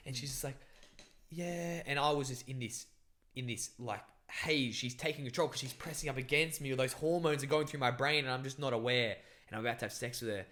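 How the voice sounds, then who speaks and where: A man's voice: mid-range voice, quick pace, fairly bright tone. A young man telling a rambling story on a podcast, full of filler words and swearing. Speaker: podcast co-host. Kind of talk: casual storytelling chat.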